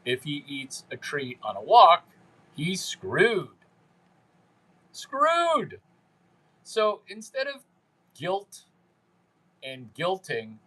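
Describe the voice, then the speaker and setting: Slow-talking guy on a livestream, kinda high voice, crude and mocking, rambles at his viewers. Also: fairly bright tone, poor audio. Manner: mimics viewers in put-on voices. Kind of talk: unscripted livestream chat with viewers.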